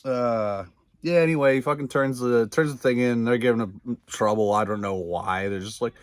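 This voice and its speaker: A mid-range male voice at normal speed, recorded with no echo, belongs to a video reviewer going over a TV episode. His recap is rambling and filler-heavy, with plenty of swearing and frequent laughter.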